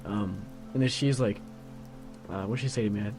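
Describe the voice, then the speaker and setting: A man's voice: on the low side, normal speed, music in the background. A teenage young man rambling casually in a solo monologue, grumbling and peppering his talk with "like.". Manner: grumbling, filler-heavy with constant "like". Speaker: vlogger.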